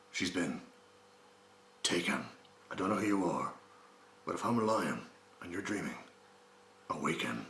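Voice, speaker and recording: A man impersonating a menacing male action star, with a growling, low, mumbled voice and an Irish accent. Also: bright, forceful tone, slight background noise, exaggerated voice. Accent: Irish, put on. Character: gruff, threatening middle-aged male action star. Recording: roomy echo.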